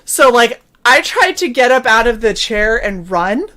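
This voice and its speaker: A woman with a fairly high voice tells a rambling story on a casual livestream. She acts out the people she quotes as she goes, and laughs between lines. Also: big pitch swings, a little slow, bright, forceful tone. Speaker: co-host of a chill stream.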